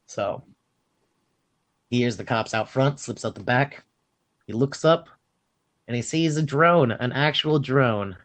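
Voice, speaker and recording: Animated man retelling a film. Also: mid-range voice, slow, long pauses. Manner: animated storytelling, swearing, acting out lines. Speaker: podcast co-host recapping a film. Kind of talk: casual chat.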